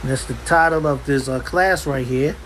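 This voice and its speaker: A man teaching a Bible class in an impassioned preaching style, forceful and hammering points home by repeating himself. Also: medium pitch, moderate pace, slight background noise, low-quality recording. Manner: forceful, repeats "understand" for emphasis. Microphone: livestream.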